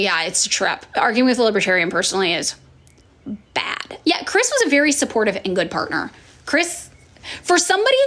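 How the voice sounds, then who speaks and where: A woman in casual chat, answering viewer questions as a political influencer, frank and profane, with sighs and fillers, and she acts out other people in sudden high voices. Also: a bit bright. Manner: chatty with many fillers and sighs.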